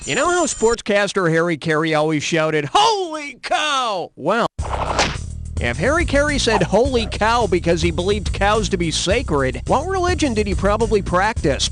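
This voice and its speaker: A man playing a brash, jokey game show host, hosting a comedy quiz with wisecracks. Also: high voice. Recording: game audio over loud music.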